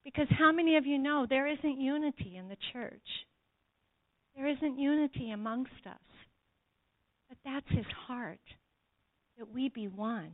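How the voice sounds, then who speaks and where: A woman's voice: high-pitched, measured pace, long pauses. A woman giving an earnest sermon testimony to a church congregation, speaking to them directly. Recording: tinny phone-like sound.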